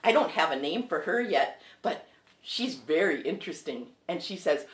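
A woman's voice: deep voice, expressive, moderate pace, very noisy. A woman hosting a children's music show, singing songs and teaching about animals, encouraging the kids as her friends. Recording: echoey room with loud guitar.

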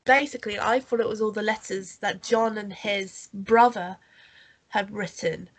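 A woman's voice: mid-range voice, steady tone, normal speed. Woman co-host, stuffy and nasal from a cold, chatty and rambling, coughs now and then. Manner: rambling, full of fillers and restarts, coughing. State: has a cold. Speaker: podcast co-host. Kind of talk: casual chat reviewing a holiday special.

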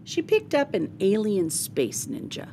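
A woman reading a children's picture book aloud in an expressive, lively storytelling manner. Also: mid-range voice, a little slow, creaky, slight background noise.

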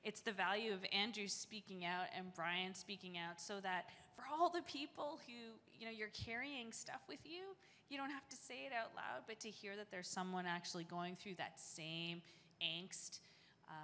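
A woman moderates a live panel in a chatty, conversational way, telling stories full of fillers. Her voice is bright and forward. The room adds a long hall echo, with faint noise behind. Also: mid-range voice, normal speed. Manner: chatty, lots of fillers, animated storytelling.

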